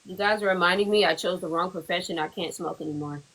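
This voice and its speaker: A woman's voice: lowish voice, fast, a bit bright, low-quality recording. A woman speaking frankly and crudely on a TikTok live stream. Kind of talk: casual group chat.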